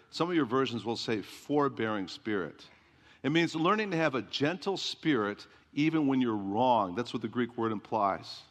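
A pastor giving an emphatic sermon, repeating refrains and asking the congregation questions. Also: male voice, mid-range voice, fairly bright tone. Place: church sanctuary. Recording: long reverb of a church hall.

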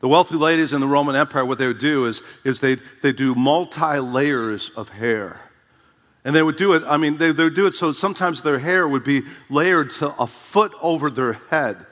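A man's voice: a little high, moderate pace, fairly bright tone. A man preaching a sermon as a pastor, emphatic and conversational, often asking the congregation rhetorical questions. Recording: reverberant hall.

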